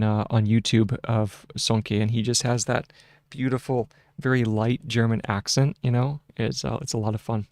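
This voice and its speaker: A man's voice: lowish voice, darkish tone, dry recording. A man hosting a casual shorthand tutorial, thinking aloud at his desk into a close microphone, with frequent fillers and restarts. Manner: slow, halting, with many fillers and restarts. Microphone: close desk microphone with a mute button.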